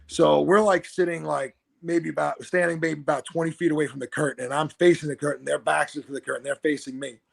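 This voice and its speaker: A man in his thirties telling backstage wrestling stories in a casual, animated way, acting out the voices of the people he quotes. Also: a little high, fast talker, creaky, hardly any pauses. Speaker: guest wrestler. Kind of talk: casual storytelling.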